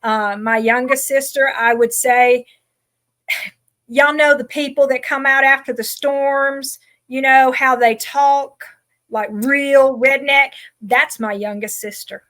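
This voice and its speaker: A woman's voice: high-pitched, fairly even intonation, takes it slowly, fairly bright tone. A woman in her forties from Georgia with a mild Southern accent, telling her life story as a guest in a chatty, self-deprecating way. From Georgia, USA. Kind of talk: casual podcast storytelling.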